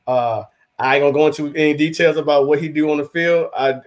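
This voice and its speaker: A man's voice: fairly high pitch, fast talker. A man co-hosting a casual sports talk show, rambling and acting out quotes as he goes. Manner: rambling, animated, acts out quotes. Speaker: podcast co-host, rival team's fan.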